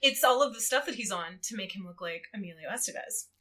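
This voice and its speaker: Bright, animated woman telling a story. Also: mid-range voice, quick pace, a little hiss or hum. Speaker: guest co-host. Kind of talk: casual podcast chat recapping a book.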